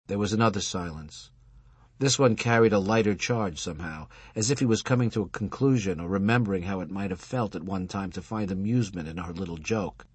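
A man narrating an audiobook in a measured, expressive storytelling way. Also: fairly low pitch, husky, dry recording. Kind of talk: scripted narration.

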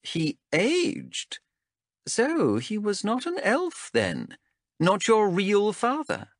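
A shrewd female elf captain who needles and threatens in a sardonic, lilting voice, put on by a man. Her pitch sits higher and swings widely. The recording is dry and close. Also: huge pitch swings, drawn-out words, dry recording, exaggerated voice. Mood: mocking. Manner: sardonic, wheedling, menacing. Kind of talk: audiobook character voice.

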